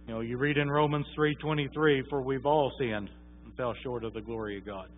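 Folksy preacher on a tinny line. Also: male voice, medium pitch, brisk. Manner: folksy, conversational, many fillers. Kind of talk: sermon with storytelling. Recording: tinny phone-like sound.

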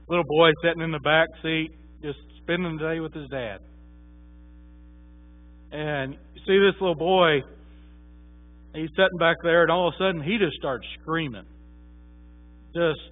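A man preaching a sermon, telling a story in a folksy, conversational way with many fillers. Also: on the high side. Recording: tinny phone-like sound.

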